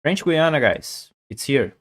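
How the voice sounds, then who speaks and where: A man's voice: a little high, expressive, measured pace, fairly bright tone. Rambling man in his forties. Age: 40s. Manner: rambling, thinks aloud, repeats himself. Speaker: chess streamer. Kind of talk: casual live-stream chat.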